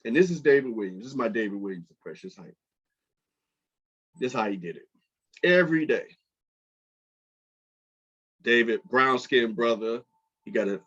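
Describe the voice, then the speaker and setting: Chatty middle-aged man telling a story. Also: mid-range voice. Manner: animated, chatty storyteller with frequent fillers. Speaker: podcast host. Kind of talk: casual storytelling monologue. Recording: dull lo-fi podcast audio.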